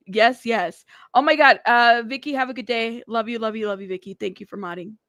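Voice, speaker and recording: A woman's voice: on the high side, fairly bright tone, no echo, studio quality. Sassy laughing woman streamer. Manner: sassy, laughing, drawn-out teasing. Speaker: live-stream news host. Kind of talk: casual live-stream chat.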